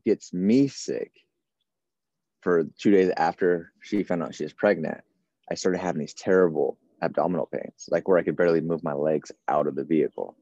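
Deep-voiced man in his thirties telling a story. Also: moderate pace, dark tone, dry recording, dull audio. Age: 30s. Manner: casual, run-on retelling with many quoted exchanges. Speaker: firefighter guest. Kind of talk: storytelling in an interview.

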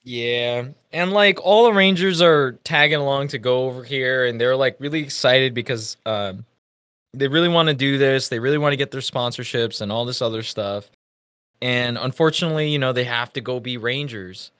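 Animated young man chatting on a dry mic. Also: mid-range voice, normal speed, smooth, dry recording. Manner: animated, acts out quotes in raised voice. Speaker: podcast co-host. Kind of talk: casual review chat.

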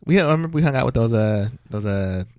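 Joking podcast host man, lively voice. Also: medium pitch, fast, no echo, studio quality. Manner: joking, laughs often. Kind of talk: casual chat.

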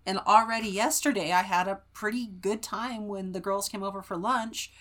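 A young woman co-hosting a casual podcast chat, telling stories in an animated way. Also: medium pitch, normal speed. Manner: animated storytelling, mimics voices when retelling. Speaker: podcast co-host.

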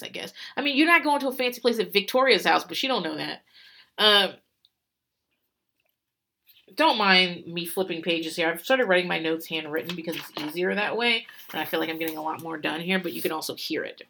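A woman's voice: on the low side, pushed and bright. A woman hosting a podcast, recapping a reality show in rambling casual chat, swearing freely and laughing often.

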